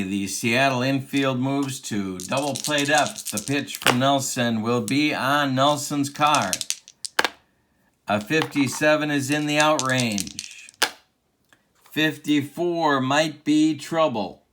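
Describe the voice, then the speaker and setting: A man's voice: medium pitch, slow pace, noisy background. A man doing play-by-play commentary of a tabletop baseball game replay, with an announcer cadence and open rooting for his team. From Central Illinois.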